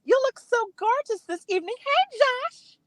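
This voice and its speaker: Man putting on a squeaky campy woman caller. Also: expressive, moderate pace, dry recording. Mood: sassy. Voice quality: squeaky, Minnie Mouse-like. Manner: sassy, dramatic, gossipy. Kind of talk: call-in chat.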